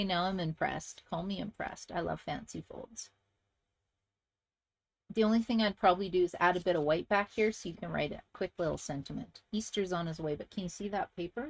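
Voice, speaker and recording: A woman's voice: fairly low pitch, no echo. A woman hosting a crafting channel, chatting casually and enthusiastically to viewers as she shows handmade card samples.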